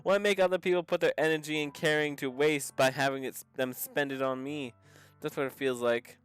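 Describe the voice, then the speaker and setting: A man reading the lines of a gloomy teenage girl who admits her sadness, in a soft, subdued voice pitched below his own. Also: steady tone, brisk, clear, resonant tone, soft background music, lightly acted. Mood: despairing. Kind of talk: reading visual novel dialogue aloud.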